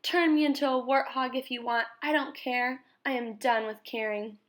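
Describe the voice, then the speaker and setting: A woman voicing a proud but weary china rabbit doll in a storybook read-aloud, speaking slowly and quietly. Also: sits high, steady tone.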